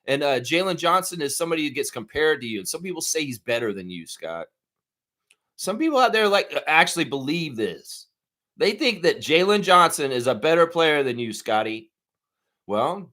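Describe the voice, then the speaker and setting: Sharp-voiced man ranting about his team. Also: medium pitch. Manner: heated, profane ranting. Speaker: fan show host. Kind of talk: live sports preview chat.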